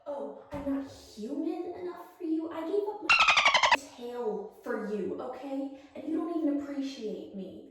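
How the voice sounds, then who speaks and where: A woman's voice: high-pitched, wildly swooping pitch, a little slow, pushed and bright, recorded from a distance, a little hiss or hum, exaggerated voice. A woman playing a bratty, fed-up mermaid princess stuck in quarantine, talking on a sketch video call. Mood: bitter. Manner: bratty, exasperated. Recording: roomy echo, recorded away from the mic.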